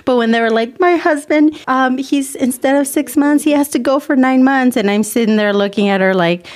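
A woman's voice: high-pitched, normal speed, a little mellow. A woman podcast host telling stories in casual chat, full of fillers and laughter. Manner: chatty, laughing storytelling with many fillers.

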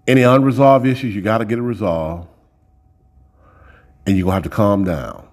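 A man's voice: on the low side, moderate pace, a little mellow. A man preaching a sermon in a folksy, direct way, often repeating words as he builds up a point.

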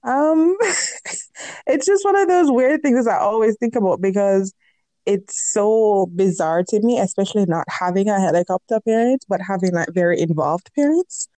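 A woman with a warm, mellow voice co-hosts a casual podcast. She talks in an animated, rambling way and laughs often. The sound is dry and close. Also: medium pitch, moderate pace, no room sound. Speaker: podcast co-host.

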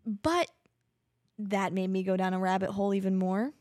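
A woman's voice: mid-range voice, normal speed, a little mellow, dry recording, clean studio sound. A woman co-hosting a casual podcast from home, a mother who rambles with lots of fillers and laughs often. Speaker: podcast co-host. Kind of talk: casual chat. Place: home, children nearby.

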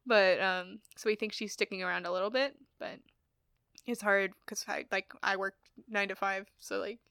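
Bright, giggly young woman chatting. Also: mid-range voice, fairly even intonation, normal speed, gravelly, smooth, no echo, clean studio sound. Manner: giggly, chatty, many fillers. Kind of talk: casual chat.

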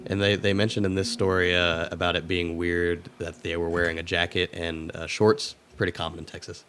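Deep monotone dude reading a creepy story on a podcast, steady pace. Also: male voice, brisk, background noise. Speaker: podcast co-host. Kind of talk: reading a spooky story aloud.

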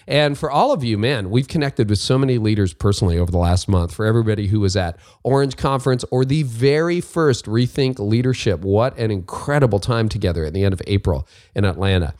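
A male podcast host with a somewhat low voice talks in a casual, upbeat monologue. He pokes fun at himself and sounds friendly and relaxed. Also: brisk, hardly any pauses. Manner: chatty, self-deprecating, upbeat.

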